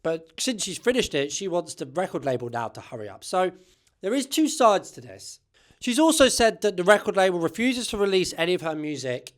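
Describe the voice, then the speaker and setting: A man's voice: a little high, a bit bright. Chatty man, opinionated commentary. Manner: chatty, opinionated, says "right?" often. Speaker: music channel host. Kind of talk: casual commentary to camera.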